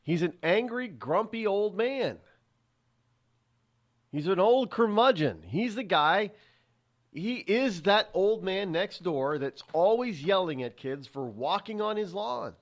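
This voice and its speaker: A male talk radio host riffs through a solo opinion segment, his voice sitting a little high and swinging widely up and down. He talks with a sarcastic edge, stumbling into restarts and repeated words as he goes. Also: animated, takes it slowly. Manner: sarcastic, rambling with frequent restarts.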